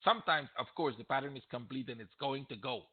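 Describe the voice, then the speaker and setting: A man's voice: mid-range voice, fast. A man teaching trading on a live question-and-answer stream, blunt and emphatic, repeating his points and getting heated. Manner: blunt, emphatic, repeats himself, gets heated and loud at times. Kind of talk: live Q&A webinar. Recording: tinny phone-like audio.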